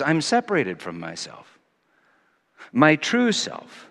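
A man preaching a sermon, swinging from quiet musing to loud, emphatic scripture reading. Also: on the high side, big pitch swings, a little slow. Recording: long hall reverb.

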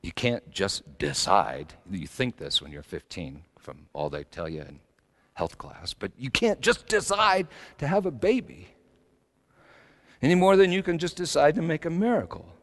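A middle-aged male pastor preaching a sermon, swinging between loud emphatic lines and soft, low asides. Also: expressive, moderate pace.

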